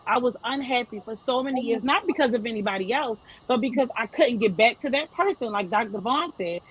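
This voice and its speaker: A woman's voice: fairly high pitch, lively intonation, a little fast, breathy edge, lo-fi sound. A woman in her thirties speaking as a panel guest, giving earnest, emphatic advice to parents. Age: 30s. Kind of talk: panel discussion.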